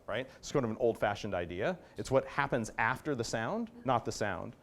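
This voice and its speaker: Speaking a little fast with few pauses, this man has a mid-range voice and lively intonation. As a dog trainer leading a workshop lecture, he keeps it conversational, checks in with the audience regularly and performs commands in different tones.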